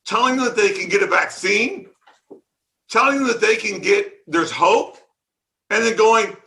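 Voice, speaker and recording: A man giving a conference security talk, animated and sarcastic, ranting at the audience from the stage. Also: sits high, unhurried, creaky. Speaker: conference speaker.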